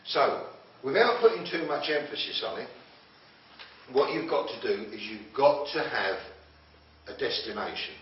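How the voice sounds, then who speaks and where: A man's voice: mid-range voice, big pitch swings, unhurried, a little hiss or hum. A man giving a blunt, confrontational motivational talk to a group, challenging them with questions. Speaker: motivational speaker. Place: room with a group listening. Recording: echoey room, far from mic, dull lo-fi.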